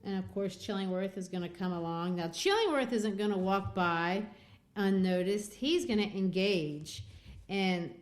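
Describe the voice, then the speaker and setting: A woman's voice: medium pitch, a little slow. Woman host retelling a novel. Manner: animated retelling with many fillers. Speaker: podcast host. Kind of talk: literature podcast discussion.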